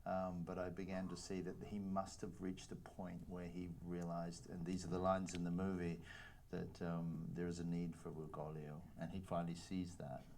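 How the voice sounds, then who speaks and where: A man on a screening panel who answers in a thoughtful, measured way, pausing with fillers. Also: low-pitched, monotone, a little mellow, slight background noise.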